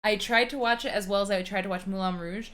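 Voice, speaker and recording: A woman's voice: mid-range voice, fairly even intonation, fast, a bit bright. A woman co-hosting a podcast, chatting casually and rambling with lots of filler words and swearing. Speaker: podcast co-host. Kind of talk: casual chat.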